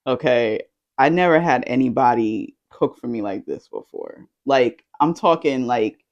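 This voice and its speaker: A woman hosting a casual chat, telling stories in an animated way with lots of fillers. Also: extremely low pitch, unhurried, lo-fi sound. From United States. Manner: animated storytelling with frequent fillers. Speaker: host.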